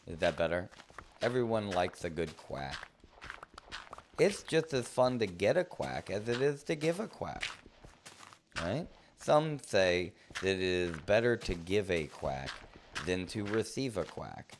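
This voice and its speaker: A male gaming streamer provides live commentary as he plays, rambling playfully and cracking silly jokes. His voice sits low with big pitch swings and a measured pace, over a noisy background.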